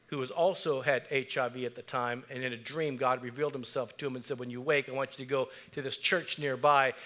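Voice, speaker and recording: A man's voice: mid-range voice, sharp tone. A middle-aged man preaching a sermon, telling stories earnestly and building to emphatic declarations. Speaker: pastor. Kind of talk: sermon storytelling.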